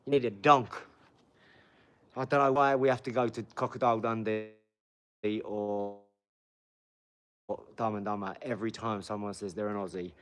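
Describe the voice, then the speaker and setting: A man's voice: lowish voice, steady tone, moderate pace, long pauses. A man hosting a casual live stream from his garage, talking in a hyped, slangy way and calling his viewers "dog" and "mate". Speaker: livestream host. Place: home garage.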